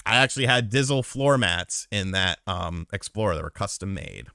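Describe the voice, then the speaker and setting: A man's voice: sits low, normal speed, no echo, clean studio sound. A man hosting a podcast aftershow, telling a profane story in casual chat and answering viewers. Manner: animated, profane anecdote telling, reads live chat.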